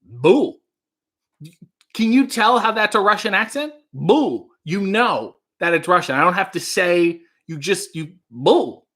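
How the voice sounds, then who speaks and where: A man's voice: high-pitched, normal speed, few pauses, bright, forceful tone. A man hosting a casual livestream, telling rambling stories and reading out chat comments. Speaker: livestream host.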